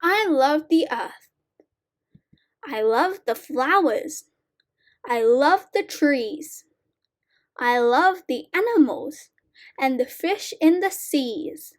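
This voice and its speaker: A woman slowly reading short sight word poems aloud for young learners, clear and deliberate. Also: sits high, animated. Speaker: reading teacher.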